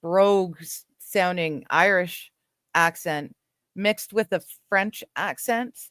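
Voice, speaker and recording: A woman's voice: on the low side, takes it slowly, a bit bright, clean tone, no room sound, studio quality. A woman from western Canada hosts a livestream, chatting casually and answering viewers, rambling easily and laughing often. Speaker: livestream host reading chat. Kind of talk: casual chat.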